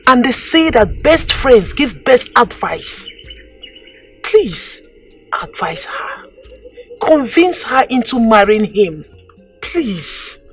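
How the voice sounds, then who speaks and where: An actress playing a village mother who pleads slowly, with a Nigerian accent. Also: a little high, fairly bright tone, full character voice. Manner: slow, pleading.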